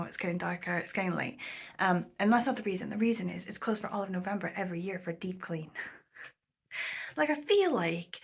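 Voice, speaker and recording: Husky-voiced woman rambling through a story. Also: fairly low pitch, a bit bright. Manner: rambling, chatty, full of 'like' and 'um', slips into quoted voices; drops to a near whisper at times. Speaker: vlogger. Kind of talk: casual storytelling vlog.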